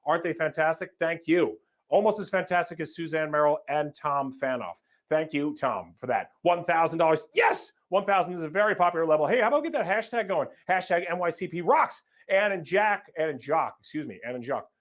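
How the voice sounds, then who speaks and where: A man's voice: a little high, a little fast. A man hosting a live fundraiser as emcee, energetically calling out donors and thanking them, sometimes stumbling over names. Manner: energetic, upbeat announcing of donors.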